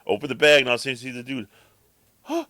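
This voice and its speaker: A man's voice: medium pitch, fairly even intonation, very fast, pushed and bright, no echo. A man co-hosting a podcast, telling a long, rambling story in casual chat and acting out his cat's thoughts. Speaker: podcast co-host.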